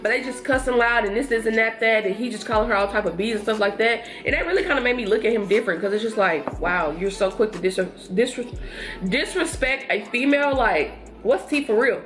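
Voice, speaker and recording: A young woman vlogger casually telling a storytime to her viewers while getting ready, chatty and animated. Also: fairly high pitch, brisk, faint music behind.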